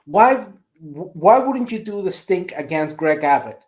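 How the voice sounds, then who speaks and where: A man's voice: high-pitched, lively intonation, measured pace, a little mellow. A man on a casual panel, telling a story and pressing pointed rhetorical questions.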